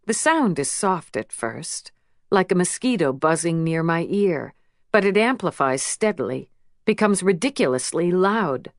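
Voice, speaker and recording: A woman narrating an audiobook in a measured, emotional first-person reading. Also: lowish voice, animated, no echo, studio quality. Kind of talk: scripted narration.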